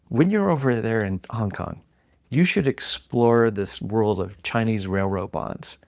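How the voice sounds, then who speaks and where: Gravelly-voiced middle-aged man telling a story. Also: lowish voice, dry recording, studio quality. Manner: animated storyteller who acts out quoted voices. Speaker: guest. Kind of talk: storytelling in a podcast interview.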